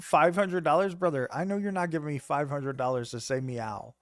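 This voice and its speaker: A man's voice: fairly high pitch, lively intonation, brisk, no echo. Man, streamer, loose joking chat with viewers, swears, at home, dry sound. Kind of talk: casual chat with live viewers.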